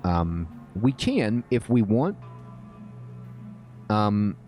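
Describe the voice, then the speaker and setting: A man giving casual gameplay tutorial commentary as a game guide host, relaxed and checking in often with "all right?". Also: on the low side, very slow, faint music behind.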